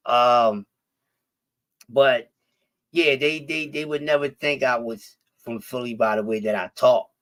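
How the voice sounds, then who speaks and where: Man, from Philadelphia, slight lisp, light rasp, relaxed casual chat, lots of fillers and swearing, mid-pitched voice. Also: a little slow. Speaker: interview guest.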